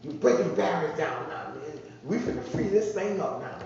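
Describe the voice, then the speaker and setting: A preacher man, fairly high-voiced for a man, talks his sermon through in a loose, repetitive call-and-response way. He sounds far from the mic in a big echoing church, and the sound is dull and muffled, with faint room hum behind. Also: animated, normal speed, crowd noise. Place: church sanctuary.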